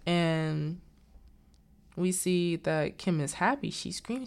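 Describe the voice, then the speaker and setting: A woman's voice: fairly low pitch, gravelly, smooth. A woman chattily recapping a movie's plot, wandering into asides and acting out the characters' lines. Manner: animated, acts out the characters' lines in quick voices.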